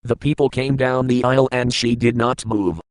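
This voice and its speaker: A man in a hotel room reading a children's picture book aloud, plain and halting, with small grammar slips. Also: mid-range voice, fairly even intonation, no room sound, poor audio.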